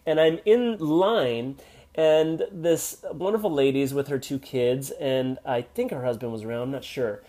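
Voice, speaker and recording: Guy doing a motivational podcast alone, keeps saying right?, goes loud then quiet, mid pitch. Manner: emphatic, repeats "right?" to the listener; speeds up and slows down, swings between loud and soft. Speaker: podcast host.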